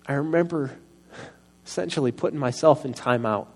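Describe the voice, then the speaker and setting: A middle-aged man preaching a personal testimony sermon into a microphone, earnest and confessional, often soft-spoken. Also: mid-range voice, brisk.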